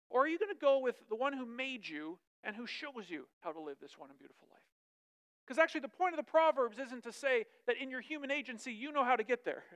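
Woman preacher, smooth clear voice, chatty sermon, lively and informal. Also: a little high. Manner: lively, chatty, asks 'right?' often. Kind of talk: conversational sermon.

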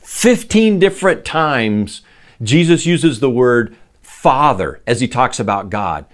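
A man's voice: medium pitch, very animated, slow. A man preaching a sermon in a conversational way, asking rhetorical questions and adding light laughs. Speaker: pastor.

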